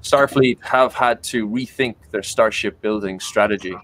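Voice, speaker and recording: A quiet, measured starfleet admiral speaks calmly in a tabletop game, as a game master puts him on. The voice sits low and is kept soft. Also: male voice, close to an everyday voice. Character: calm older male starfleet admiral.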